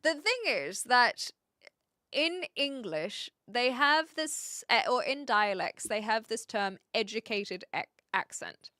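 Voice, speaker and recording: A woman with a New Zealand accent chatting casually with viewers on a live stream, thinking aloud and often pausing to hunt for the right word. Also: fairly high pitch, sing-song, sharp tone, no echo, studio quality.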